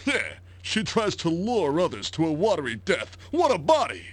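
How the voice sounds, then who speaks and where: A man's voice: fairly high pitch, wildly swooping pitch, normal speed, no echo. An actor playing a cheerful, joking male village drinker in a video game, with a bubbly, singsong manner. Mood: jovial.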